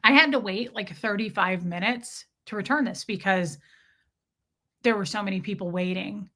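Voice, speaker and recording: Podcast lady ranting through a story, cusses a lot, talks right to the audience, bright edgy voice. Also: medium pitch, normal speed. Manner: indignant, swears freely, talks to listeners. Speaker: podcast host. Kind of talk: casual storytelling monologue.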